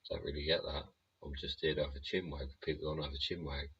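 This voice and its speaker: Gruff, swearing man, lo-fi stream. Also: extremely low pitch, flat delivery, fast, fairly bright tone, slight background noise. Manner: blunt, swearing, rambling rant. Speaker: livestream host. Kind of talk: live-stream chat.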